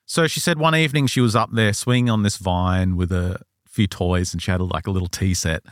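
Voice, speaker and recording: A man hosting a podcast, telling an eyewitness story in a casual, animated way and acting out the quoted lines. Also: sits low, brisk, no echo, clean studio sound. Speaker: podcast host. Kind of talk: casual chat, retelling an eyewitness account.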